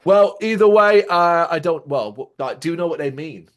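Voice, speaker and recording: A man with a somewhat raised speaking voice opens the show and chats loosely as co-host. He is offhand and jokey and swears casually. He sounds relaxed and unscripted. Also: a little high, normal speed. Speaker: co-host of a music reaction show. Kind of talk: casual chat.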